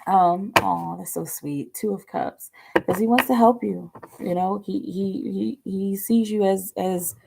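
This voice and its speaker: A woman's voice: mid-range voice, fairly even intonation, a little slow, vocal fry, background noise. A woman giving a chatty live-stream tarot reading, rambling with lots of fillers and dropping now and then into whispered asides. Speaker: tarot reader.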